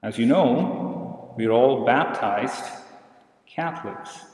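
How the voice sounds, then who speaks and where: A man's voice: mid-range voice, slow, darkish tone, reverberant, big-room sound, poor audio. A man preaching a sermon as a priest, telling stories and posing questions to the congregation in a church.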